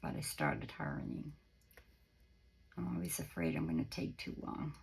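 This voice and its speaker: A woman hosting a casual, chatty craft tutorial with a croaky voice, explaining steps as she goes and correcting herself along the way. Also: rumbling low, wildly swooping pitch, measured pace, poor audio. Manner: chatty, meandering, self-correcting. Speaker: craft channel host.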